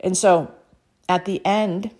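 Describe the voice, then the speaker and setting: A middle-aged woman from Canada telling a personal story with deep emotion, earnest and encouraging, her mouth dry. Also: steady tone, takes it slowly, darkish tone. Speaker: author and speaker sharing a personal story.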